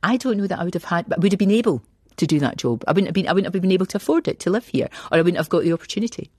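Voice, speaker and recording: A woman in her sixties with a Glasgow accent, talking as an interview guest in an animated, chatty, self-deprecating way. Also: on the low side, racing, breathy edge, no echo, clean studio sound. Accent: Scottish, Glasgow. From Scotland. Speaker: guest, TV presenter. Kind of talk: radio interview chat.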